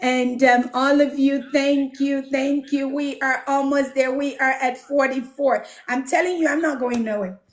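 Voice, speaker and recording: A woman's voice: high voice, fairly even intonation, unhurried, few pauses. A woman hosting a casual livestream, chatting with viewers, reading out their comments and greeting them by name with plenty of laughter. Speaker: livestream host and home care business mentor.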